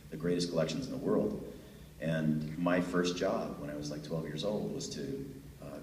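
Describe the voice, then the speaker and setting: A middle-aged man with a deep voice, a voice actor telling stories to fans at a convention panel, chatty and laughing easily. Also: darkish tone. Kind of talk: relaxed storytelling answer to a fan. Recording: echoey hall from far off, faint noise.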